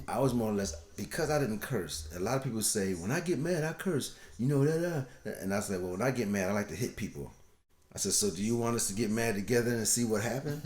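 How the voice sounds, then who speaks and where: Middle-aged father, podcast co-host, animated storyteller, roomy sound. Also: on the low side. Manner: animated, laughing storyteller acting out voices. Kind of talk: casual storytelling chat.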